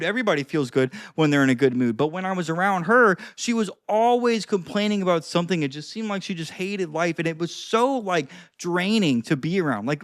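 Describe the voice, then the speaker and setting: A man's voice: high-pitched, fairly bright tone, dry recording, studio quality. A young man giving casual social-skills advice to camera, rambling with lots of fillers and the odd swear word. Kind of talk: casual talking-head advice.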